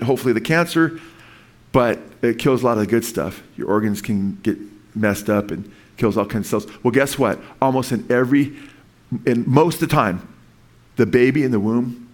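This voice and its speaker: A man preaching a sermon in an earnest, rambling way, with frequent restarts and asides to his listeners. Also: medium pitch. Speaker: pastor.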